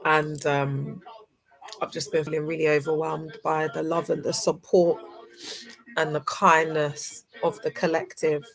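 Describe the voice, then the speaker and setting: Teary woman on a phone live, sniffly, low-ish voice, gushing at her viewers. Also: level tone, unhurried, vocal fry, low-quality recording. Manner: tearful and effusive, greeting viewers by name. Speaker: livestream host. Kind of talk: emotional livestream chat.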